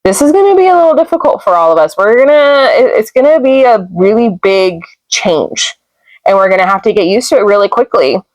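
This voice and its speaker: A woman's voice: medium pitch, animated, brisk, rough recording. A young woman, a mother, chatting casually and emotionally about books she's read in a rambling vlog. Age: young adult. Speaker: book vlogger. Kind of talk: casual reading vlog chat.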